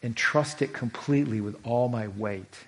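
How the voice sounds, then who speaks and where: A middle-aged man preaching to his congregation in an earnest sermon. He speaks with conviction and now and then acts out the voices of the people he quotes. His pitch sits in the middle range for a man. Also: moderate pace, fairly bright tone. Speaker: pastor.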